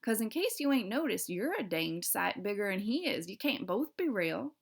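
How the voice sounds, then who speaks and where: A woman's voice: medium pitch, very animated, normal speed, vocal fry, breathy edge, pitched above the performer's own voice, exaggerated voice. A woman voicing a timid, easily tearful cowboy man with a Southern US drawl, reading a storybook aloud. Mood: bashful. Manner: drawling folksy talk.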